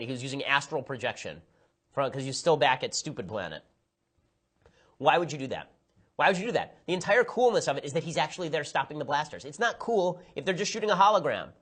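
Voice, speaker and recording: Sarcastic man ranting fast. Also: fairly high pitch. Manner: sarcastic, exasperated, quick-firing rants. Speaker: political commentator. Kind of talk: rapid opinionated film review.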